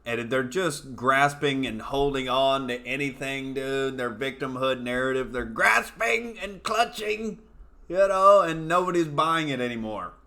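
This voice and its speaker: A man's voice: medium pitch, expressive, unhurried, sharp tone. A male comedian hosting his own show, delivering a profane, scornful rant full of fillers and asides. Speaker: comedian host. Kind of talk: ranting comedy commentary.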